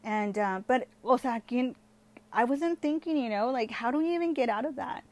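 A woman's voice: fairly high pitch, animated, normal speed, a little mellow. A young woman telling a personal story in a casual, chatty way, full of "like" and switching into Spanish now and then. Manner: chatty, heavy use of "like", switches between English and Spanish.

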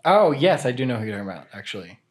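A man co-hosting a podcast in casual chat, hesitant and giggly with deadpan asides. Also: medium pitch, very fast. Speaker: podcast co-host.

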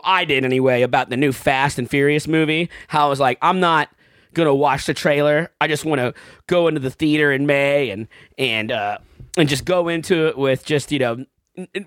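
A man's voice: a little high, a bit bright, clean tone, no room sound, clean studio sound. A man in casual podcast chat, joking around and swearing freely. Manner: loose, joking, profane.

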